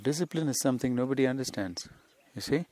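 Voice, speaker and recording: Speaking fast in a mid-range, slightly mellow voice, this podcast host and spiritual teacher gives an off-the-cuff lesson on a hillside outdoors. His talk wanders conversationally, peppered with "you see."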